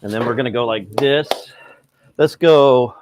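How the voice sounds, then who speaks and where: A man's voice: mid-range voice, unhurried, background noise. A middle-aged man hosting a live cooking stream, rambling casually and greeting viewers by name, a little cold.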